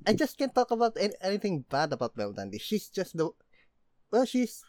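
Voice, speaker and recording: A man's voice: sits high, huge pitch swings, a little fast, a little mellow, no room sound, studio quality. A man co-hosting a casual chat, agreeable and a little hesitant, often repeating "yeah". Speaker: podcast co-host.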